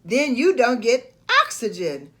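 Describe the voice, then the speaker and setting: A woman's voice: fairly high pitch, sing-song, unhurried, fairly bright tone, heavily acted. A woman voicing a young male cartoon mouse nephew in a storybook read-aloud, explaining earnestly.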